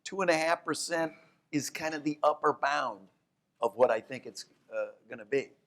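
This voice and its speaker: A man, an economics professor, talking economics onstage at a live event, animated, often restarting his sentences. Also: moderate pace. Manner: animated storyteller, jumps to high voices for quotes; restarts and self-corrections. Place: downtown event hall with live audience.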